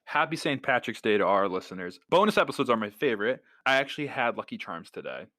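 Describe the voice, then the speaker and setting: A man's voice: medium pitch, big pitch swings, fast, bright, forceful tone, no room sound, studio quality. A man co-hosting a podcast, chatting casually in a laid-back, blunt and crude way. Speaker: podcast co-host. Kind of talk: casual chat between friends.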